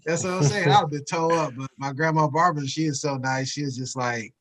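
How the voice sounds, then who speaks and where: A man's voice: on the high side, a little fast, few pauses, fairly bright tone. Laughing man telling a profane story. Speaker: podcast co-host. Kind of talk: casual sports chat.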